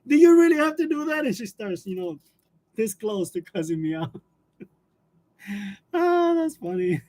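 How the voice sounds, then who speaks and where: A high-voiced man chats loosely with his livestream viewers. He laughs often, trails off with fillers and drifts from story to story. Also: a little mellow. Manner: laughs often while telling stories, chatty with fillers. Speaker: livestream host. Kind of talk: casual livestream chat with viewers.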